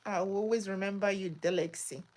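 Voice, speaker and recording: A woman with a breathy, husky voice hosts a live chat from her home, answering viewer comments. She talks emphatically, exclaims a lot and says things twice for effect. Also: medium pitch, steady tone, brisk, darkish tone. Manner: emphatic, repeats herself, exclamatory. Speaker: migration advice channel host. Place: home in Australia.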